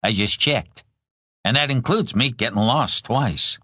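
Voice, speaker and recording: A man's voice: medium pitch, measured pace, bright, forceful tone, dry recording, clean studio sound, pitched above the performer's own voice. A male audiobook narrator voicing a shy, naive young American Marine who speaks plainly and earnestly. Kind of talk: audiobook character voice.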